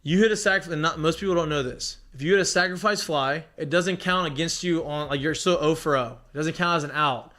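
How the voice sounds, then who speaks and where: A man talking casually as a podcast guest, telling animated stories about baseball with lots of "like" and frequent swearing. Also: a little high, fairly quick, few pauses. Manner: animated storytelling with heavy profanity and filler "like". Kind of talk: casual chat.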